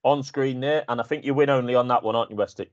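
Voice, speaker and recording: A man hosting a racing chat show, keeping things moving with brisk, teasing prompts. His voice sits at a middle pitch for a man. The audio sounds a little dull and muffled. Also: fairly even intonation. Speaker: host.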